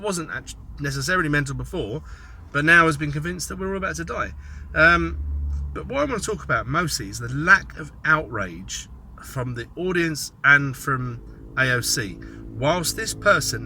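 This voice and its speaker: A man's voice: on the high side, bright, forceful tone, slight background noise. A man giving a rambling, sardonic commentary monologue, thinking aloud as he goes. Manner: sardonic, mocking asides. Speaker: political commentator.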